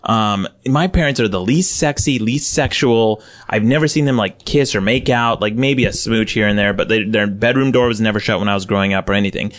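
A young man chatting casually, telling a lively story. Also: fairly low pitch, fairly quick, few pauses. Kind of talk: casual chat.

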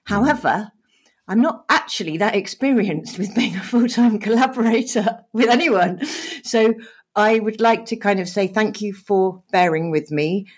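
Over a video call, a middle-aged woman co-hosting a podcast talks at a normal speed in a husky, medium-pitched voice. She laughs often and comes across as animated, emotional and open.

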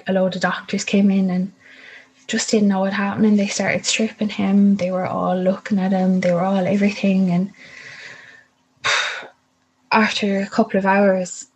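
A woman's voice: medium pitch, slight background noise, low-quality recording. A young woman telling a personal story in a vivid way, acting out the voices of the people in it.

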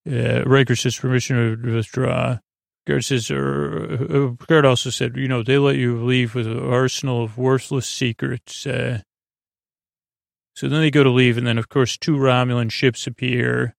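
A man with a gravelly, creaky voice loosely recaps a story in casual chat, stumbling and filling pauses as he goes. His delivery stays flat and even, recorded close on a dry mic. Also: mid-range voice, no room sound. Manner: loose, halting, many fillers, quotes characters in plain voice. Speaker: podcast host recapping an episode.

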